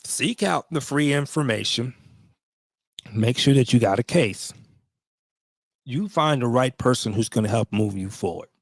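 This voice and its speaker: A man's voice: mid-range voice, animated, a little slow, pauses often, dry recording. A man in his fifties, a veteran vlogger, tells a story to his viewers in a blunt, profane way, with emotional asides.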